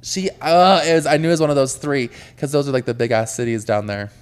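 A man's voice: medium pitch, lively intonation, quick pace, smooth. A young man co-hosting a podcast, chatting casually, rambling and laughing easily while playing a trivia game. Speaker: podcast co-host. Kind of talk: casual chat.

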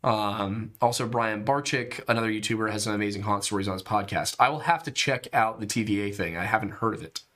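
A man's voice: fairly low pitch, fast talker, few pauses, a bit bright. A man co-hosting a casual podcast, reading comments and joking through the sign-off. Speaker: podcast co-host. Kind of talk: casual chat.

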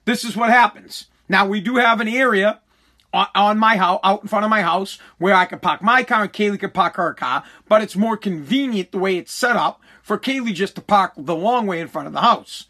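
A man's voice: high-pitched, moderate pace, bright, forceful tone. A middle-aged man hosting a podcast, venting in a rambling, exasperated way and swearing often. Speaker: podcast host. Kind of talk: casual venting monologue.

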